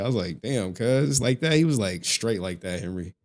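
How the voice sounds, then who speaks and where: Animated, profane male streamer. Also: on the low side, moderate pace. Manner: animated, profane, slangy storytelling. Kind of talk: casual livestream chat.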